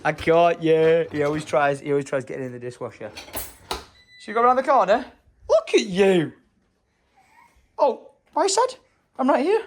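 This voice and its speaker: A man's voice: high voice, wildly swooping pitch, moderate pace, rough recording. A man, chatting casually through a home vlog and cheering on his toddler. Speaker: vlogger.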